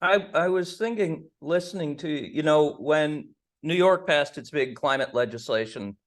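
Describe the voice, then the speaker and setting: A man's voice: a little high, measured pace. A man hosting an interview on a video call, chatty and joking as he tells stories. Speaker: host.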